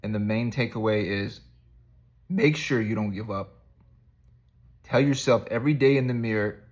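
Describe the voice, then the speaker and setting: Gravelly low-voiced man giving casual encouragement. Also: normal speed, pauses often. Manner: rambling, conversational, self-joking. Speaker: vlogger giving spiritual encouragement. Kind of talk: casual devotional talk.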